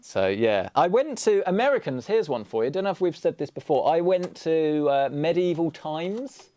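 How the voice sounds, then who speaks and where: A man's voice: fairly high pitch, very animated, moderate pace, warm tone, no echo. Chatty British man, dry close sound. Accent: British English. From England. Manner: joking, self-deprecating, chatty asides. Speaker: PC build livestream host. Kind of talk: casual livestream chat while building.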